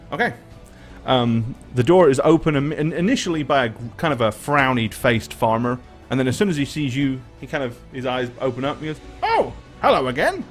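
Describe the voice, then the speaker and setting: A man narrating a tabletop game as game master, relaxed and pausing with fillers. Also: mid-range voice.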